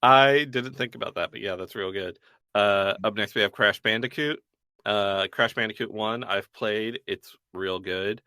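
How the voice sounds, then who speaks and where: A man's voice: lowish voice, a little slow, sharp tone, dry recording. A man co-hosting a podcast, running through a list of video game characters with dry jokes and wry asides. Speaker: podcast co-host. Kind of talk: casual chat about video games.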